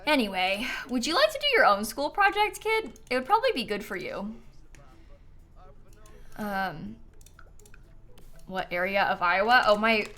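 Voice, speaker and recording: A woman's voice: mid-range voice, sing-song, a little slow, pauses often, bright, forceful tone. A woman chatting casually on a live stream while she plays a life-sim game, giggling often and answering questions from chat.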